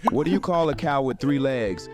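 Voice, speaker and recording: A man swaps jokes back and forth, his pitch bouncing lively. Music plays clearly behind him. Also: moderate pace. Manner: lively question-and-answer jokes. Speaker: joke teller. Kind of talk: trading jokes.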